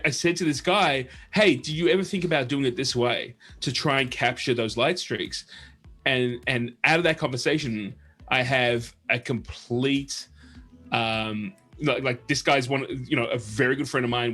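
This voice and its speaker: A man's voice: mid-range voice, fairly bright tone. A man with a mid-range voice talks through a casual livestream chat. He rambles through his stories and acts out the people he quotes, over faint music in the background. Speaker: show host.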